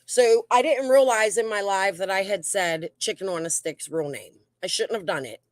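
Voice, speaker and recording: A woman, venting in an aggravated, defensive way as she reads out old messages. She rambles, restarts her sentences and talks at a middle pitch. The recording is dry and close, with no room sound. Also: moderate pace, dry recording. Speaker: YouTube channel host. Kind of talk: heated commentary reading out messages.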